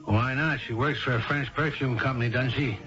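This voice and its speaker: An actor as a gruff, mocking tough guy. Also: medium pitch, steady tone, fairly quick, lightly acted. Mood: scornful. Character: gruff scornful male boyfriend, tough guy. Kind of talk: 1970s-80s radio drama acting. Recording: dull lo-fi radio broadcast with music.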